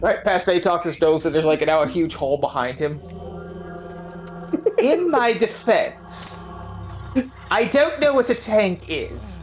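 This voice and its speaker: A woman's voice: lowish voice, expressive, slow, pauses often, faint music behind. A woman chatting on a gaming stream in a theatrical way, calling people darling. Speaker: stream guest. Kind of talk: casual chat.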